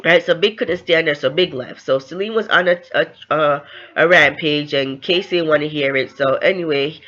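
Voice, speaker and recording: A woman's voice: low-pitched, moderate pace, a bit bright, lo-fi sound. Chatty woman recapping a novel. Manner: chatty, with fillers and tag questions. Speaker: book reviewer. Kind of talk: casual book recap.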